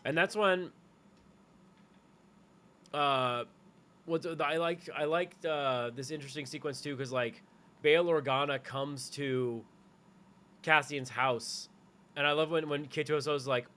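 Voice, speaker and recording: Higher-voiced male podcast co-host. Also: steady tone, slow, pauses often, sharp tone. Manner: loose, rambling, with frequent "like" and restarts. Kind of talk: casual chat.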